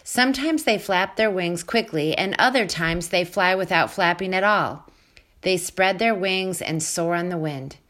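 Calm, exact robot mum, lowish voice, read by a woman. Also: measured pace. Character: calm, careful female robot mother.

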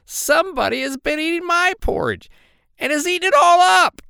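A man doing a tiny shrill baby bear. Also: lively intonation, normal speed, creaky, bright, forceful tone, dry recording, studio quality, exaggerated voice. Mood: upset.

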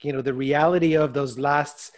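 A man's voice: a little high, fairly even intonation, normal speed. A man in a casual chat who reminisces briefly and reacts to stories with short exclamations.

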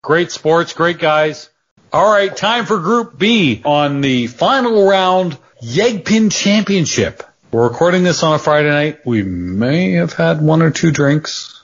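A man's voice: a little high, expressive, slow pace, lo-fi sound. A man from Canada hosting a podcast quiz round, teasing and a little tipsy. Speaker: podcast host. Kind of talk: casual quiz-show banter.

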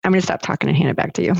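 Chatty middle-aged woman guest, low fry-laden voice, lively anecdotes. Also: dry recording. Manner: animated, chatty, laughs often. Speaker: guest, chainsaw trainer. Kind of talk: casual storytelling interview. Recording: dull lo-fi dry sound.

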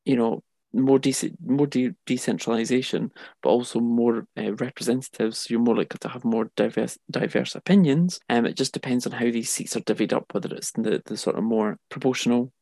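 Gravelly-voiced man talking politics. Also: mid-range voice, brisk, warm tone, dry recording. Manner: thoughtful, many fillers and restarts. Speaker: podcast co-host. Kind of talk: casual political discussion.

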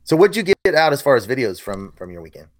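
A man's voice: mid-range voice, very animated, fast, no echo. A middle-aged man co-hosting a casual podcast, telling a hunting story in an earnest, self-critical way. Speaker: podcast co-host, hunting video maker. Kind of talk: casual chat.

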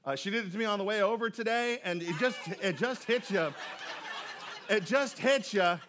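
High-voiced joking male pastor. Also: fast, fairly bright tone. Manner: conversational, joking, repeats words when starting sentences. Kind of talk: sermon. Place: church auditorium.

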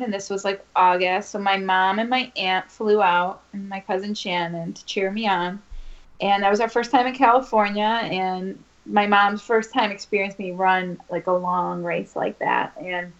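A woman's voice: mid-range voice, steady tone, measured pace. A woman co-hosting a running podcast, speaking earnestly and growing a little emotional as she recounts things. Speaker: podcast co-host. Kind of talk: casual chat. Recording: dull lo-fi podcast audio.

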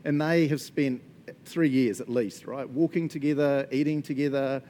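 Chatty, animated male preacher. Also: medium pitch, normal speed, a little hiss or hum. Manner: animated and chatty, frequent laughs and "right?" check-ins. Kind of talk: casual conversational sermon.

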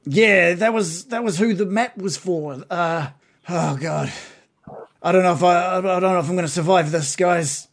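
A man's voice: high-pitched, moderate pace, voice pushed up. A man voicing a wounded, frightened dwarf who rambles in fear. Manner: shaken, rambling, fearful.

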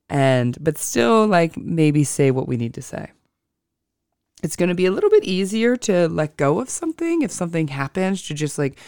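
An astrology podcast host talking casually on their own, slow and deliberate, thinking before each phrase and often correcting themselves mid-sentence. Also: medium pitch, gravelly, darkish tone, clear, resonant tone, no room sound, studio quality. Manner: self-correcting, with frequent restarts. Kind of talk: casual solo podcast talk.

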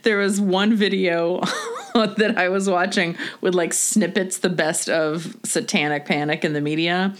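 A woman co-hosting a casual chat, telling animated anecdotes and laughing often. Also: fairly low pitch, measured pace. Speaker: podcast co-host.

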